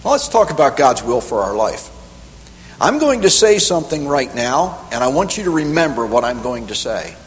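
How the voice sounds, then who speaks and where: A middle-aged man preaching a sermon in a church hall, emphatic and animated, climbing higher on the key points. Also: moderate pace. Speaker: pastor. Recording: echoey hall with faint hum.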